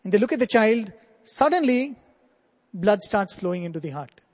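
A man's voice: sits high, lively intonation, moderate pace, big-room sound. A man, telling a devotional story as a spiritual speaker in an earnest, emphatic way.

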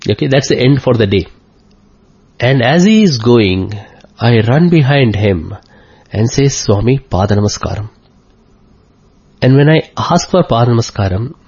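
Husky guy from india telling a heartfelt story, slow and earnest, kinda muffled lo-fi sound. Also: mid-range voice, a little mellow. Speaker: interviewee. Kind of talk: personal storytelling. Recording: dull lo-fi recording.

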